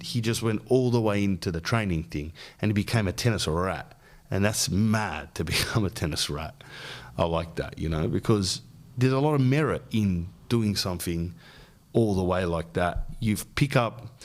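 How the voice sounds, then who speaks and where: An Australian man hosting a podcast, talking in a loose, slangy, animated way and calling the listener "bro.". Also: sits low. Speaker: podcast host. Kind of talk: casual rambling monologue.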